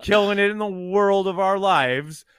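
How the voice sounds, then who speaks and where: A man co-hosting a podcast in casual sports chat, animated and swearing, with quick restarts. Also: high voice, clear, resonant tone. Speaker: podcast co-host.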